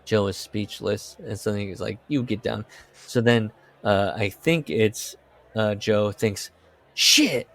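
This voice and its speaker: A man's voice: lowish voice, flat delivery, a little slow. A man co-hosting a casual podcast, chatting loosely, swearing now and then, and reading passages of a story aloud. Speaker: podcast co-host.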